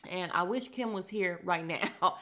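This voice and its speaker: A sassy woman host talks through a reality-show recap in a loose, casual chat. She stays animated and acts out the quotes. Her voice sits a little low for a woman. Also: unhurried.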